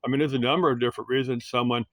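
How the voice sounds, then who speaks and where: A man hosting a rambling solo talk, musing aloud in a halting way, with many uhs and restarts. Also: medium pitch, steady tone, fairly bright tone, no echo.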